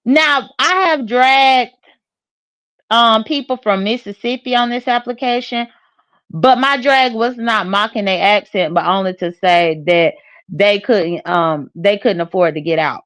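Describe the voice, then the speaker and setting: A woman's voice: medium pitch, measured pace, a bit bright, dry recording. A woman co-hosting a casual commentary show, rambling and hesitant, with many fillers.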